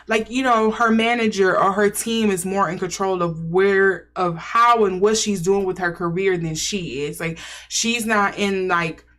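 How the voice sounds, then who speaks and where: A woman's voice: mid-range voice, a little slow, a bit bright. A woman giving a casual intuitive tarot reading, musing and thinking aloud as she speculates. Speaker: tarot reader.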